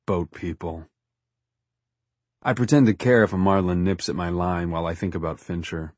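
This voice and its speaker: A man narrates a first-person story in a low, husky voice, with a wry edge to his delivery. The sound is close and dry, without room echo. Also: fairly even intonation, normal speed. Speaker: audiobook narrator.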